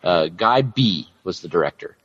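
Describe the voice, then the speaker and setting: Brief: male co-host, lowish voice, giggly and rambling, muffled lo-fi sound. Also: animated, normal speed, fairly bright tone, breathy edge. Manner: laughs often, rambling with fillers. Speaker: podcast co-host. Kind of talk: casual podcast chat. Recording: dull lo-fi audio.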